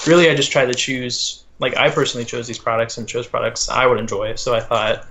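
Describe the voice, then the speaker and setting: A teenage boy as a guest in a casual interview, talking haltingly with many fillers. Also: mid-range voice, fairly even intonation, fairly bright tone, slight background noise. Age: teens. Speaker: guest, small business owner.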